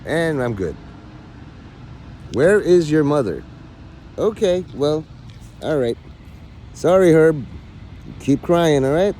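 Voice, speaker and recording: A middle-aged man holds a casual livestream rant, swearing freely and bossing his viewers around in jest. His voice is mellow and dark in tone, yet his pitch swings widely as he rambles. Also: very animated, slow, long pauses, slight background noise. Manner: profane, rambling, mock-bossy toward viewers.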